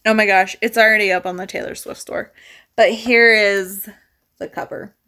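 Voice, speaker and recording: A woman chatting casually to camera in a reading vlog, rambling and excitable with lots of restarts. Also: mid-range voice, brisk, clear, resonant tone. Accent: Southern US. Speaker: reading vlogger.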